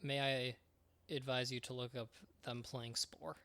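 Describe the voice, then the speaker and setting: A man's voice: medium pitch, little pitch movement, unhurried, bright, forceful tone, no room sound. A man in casual chat, laid back and trading dry quips. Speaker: podcast co-host.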